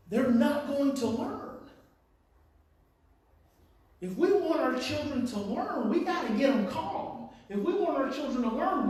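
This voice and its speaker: A man speaks passionately to parents in a strikingly high voice, repeating his phrases and swinging from hushed to loud. He stands well back from the microphone, and a heavy room echo surrounds his words. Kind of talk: impassioned talk to parents. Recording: very echoey room, far from the mic.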